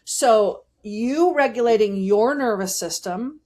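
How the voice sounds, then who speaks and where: Animated woman vocal coach. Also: fairly high pitch, slow. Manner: animated, demonstrates voice techniques while explaining. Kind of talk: interview, explaining voice technique.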